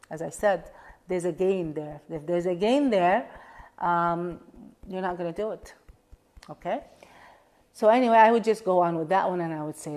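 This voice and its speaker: A woman's voice: medium pitch, moderate pace, darkish tone. Woman coaching a tapping session. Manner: repetitive affirmations, coaching tone. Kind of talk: guided tapping lesson.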